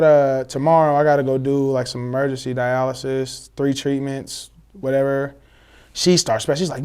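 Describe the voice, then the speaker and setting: A young man, telling a personal story in casual, slangy, animated chat, acting out the voices of others. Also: mid-range voice, moderate pace, clear, resonant tone. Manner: animated, swears freely, slangy, acts out quoted voices. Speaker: guest telling his story.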